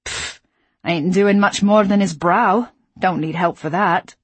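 A woman's voice: fairly low pitch, takes it slowly, dry recording. Woman voicing a tired, blunt nurse. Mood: weary. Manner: gruff and offhand.

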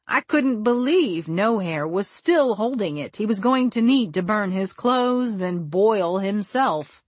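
Slow wry lady reading a funny audiobook, super dry close mic. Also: medium pitch, no room sound. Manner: measured, wry and deliberate. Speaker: audiobook narrator. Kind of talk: first-person audiobook narration.

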